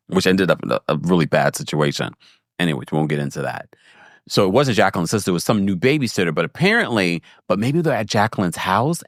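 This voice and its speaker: A man hosting a casual reality TV recap, talking animatedly and jumping into high, mocking voices to act out what people said. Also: no echo, studio quality.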